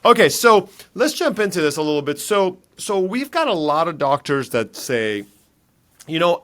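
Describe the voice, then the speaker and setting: A man's voice: fairly high pitch, very animated, moderate pace, fairly bright tone. Enthusiastic man hosting an interview. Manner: upbeat, enthusiastic, chatty. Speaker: podcast host.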